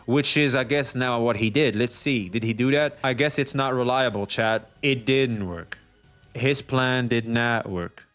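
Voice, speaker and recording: A man's voice: medium pitch, moderate pace, few pauses, fairly bright tone, faint music behind. A man reacting to a clip and talking to his chat, dry and mocking. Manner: sarcastic, mocking. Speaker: commentary YouTuber. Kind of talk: reaction commentary.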